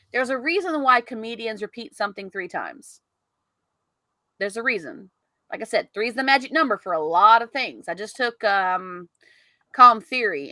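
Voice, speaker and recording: A woman's voice: a little high, bright, forceful tone, no echo. A woman co-hosting a casual podcast, chatty and opinionated while eating on stream. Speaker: podcast co-host.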